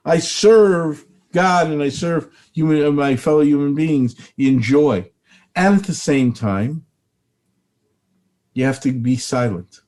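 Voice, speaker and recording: A man's voice: fairly high pitch, slow, a little mellow. An older man, a rabbi and spiritual teacher, speaking earnestly in an interview and repeating phrases for emphasis.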